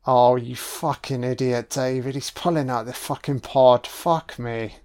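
A man giving a casual, sweary audio commentary on a film, reacting out loud to what he sees. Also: medium pitch, steady tone, measured pace. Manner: sweary, exclaiming reactions at the screen.

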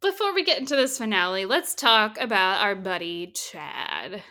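A woman casually retelling a film's plot as a podcast co-host, lively and swearing freely. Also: mid-range voice, normal speed. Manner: animated storytelling, swears freely. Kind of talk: casual chat recapping a film.

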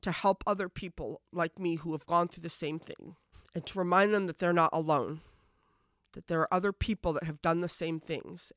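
A woman's voice: lowish voice, fairly bright tone, smooth, no room sound, clean studio sound. Earnest woman giving her testimony. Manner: earnest, heartfelt, pleading in her poem lines. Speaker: speaker sharing her testimony. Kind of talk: personal testimony and spoken-word poetry.

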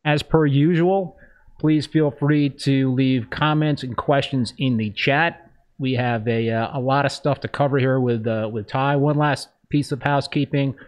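A man's voice: mid-range voice, fairly even intonation, unhurried. A man hosting a live-streamed hobby interview show, upbeat, reading a scripted introduction and then chatting loosely with his guest. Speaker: host of a live-streamed reef-keeping show.

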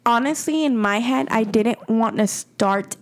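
A woman's voice: on the high side, measured pace. A young woman hosting a casual podcast, telling a personal story in a rambling way, full of "like" fillers. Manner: rambling, heavy on "like" fillers, animated retelling. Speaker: podcast co-host.

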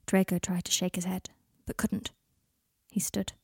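Audiobook narrator: woman, half-whispered and husky, dry close recording. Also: on the low side, level tone, unhurried, a little mellow, dry recording. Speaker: story reader.

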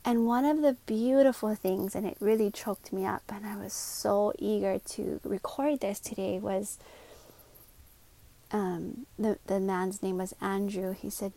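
An earnest woman talks alone on her podcast, in a confiding tone. Quick asides run into slower, stressed words. Her pitch sits in the middle for a woman. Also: steady tone, gravelly, mellow. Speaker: podcast host. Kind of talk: reflective solo podcast monologue.

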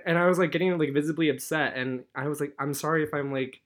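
A man's voice: on the high side, steady tone, fast, hardly any pauses. A young man, a college student, telling a story in a casual chat with friends, laughing often and acting out the people he quotes. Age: young adult. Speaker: podcast co-host.

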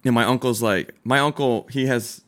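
Young adult male co-host, animated storyteller who acts out every quote, casual and profane. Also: mid-range voice, moderate pace. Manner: animated, acts out quoted dialogue, swears freely, laughs often. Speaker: podcast co-host.

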